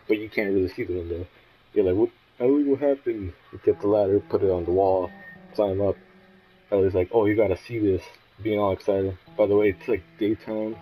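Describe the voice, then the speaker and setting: A man's voice: low-pitched, dark tone, rough recording. A young man casually retelling events from a video game, rambling with lots of "like" and restarts. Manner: rambling, many fillers and restarts. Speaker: gamer retelling a story. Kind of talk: casual spoken recap.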